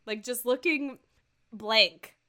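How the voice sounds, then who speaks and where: A woman's voice: fairly high pitch, slow. A woman co-hosting a podcast, chatting casually with lots of laughter and playful quoting of characters. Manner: giggly, animated, quotes characters in playful voices. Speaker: podcast co-host recapping a TV episode. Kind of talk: casual chat.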